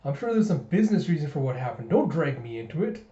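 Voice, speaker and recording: A man voicing a blunt, dismissive rich schoolboy in a flat, offhand way. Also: on the high side, fast. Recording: roomy, slightly dull recording.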